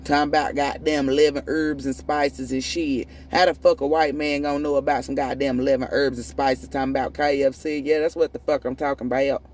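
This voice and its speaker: A woman's voice: very deep voice, little pitch movement, brisk, few pauses, darkish tone, a little hiss or hum. A woman tarot reader delivering a profane, preachy spiritual rant, emphatic and prone to repeating and restarting words when fired up. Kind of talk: ranting spiritual monologue.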